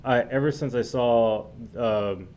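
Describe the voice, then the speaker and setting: A man's voice: medium pitch, takes it slowly, a little mellow, slight background noise. A man co-hosting a casual movie podcast, enthusiastic about films and hesitating with fillers. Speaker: podcast co-host. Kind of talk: casual chat.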